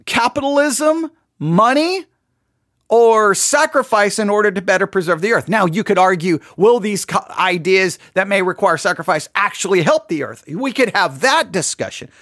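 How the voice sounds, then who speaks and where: A man's voice: high-pitched, expressive, normal speed, fairly bright tone, dry recording, studio quality. A man giving casual commentary on a sermon clip, chatty and wry, often repeating his phrases.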